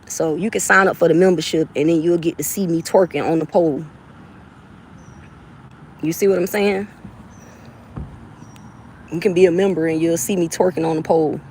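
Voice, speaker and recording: With a lowish, steady, slightly mellow voice, a Southern US woman chats with viewers on a casual livestream at normal speed, pausing often. She comes across brash and playful, laughing a lot and swearing freely, with slight background noise behind her.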